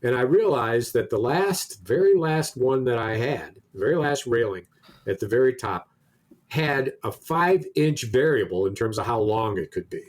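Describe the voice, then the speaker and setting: A man's voice: mid-range voice, lively intonation, moderate pace. A man co-hosting a podcast, telling a long anecdote in casual chat with many restarts. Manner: rambling anecdote with many restarts, acts out quoted exchanges. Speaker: podcast co-host.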